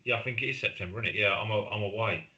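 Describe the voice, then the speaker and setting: Middle-aged bloke, low and bright voice, chatty podcast co-host who tells stories. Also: male voice, very fast, muffled recording. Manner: chatty storyteller, acts out quoted friends. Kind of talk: casual chat.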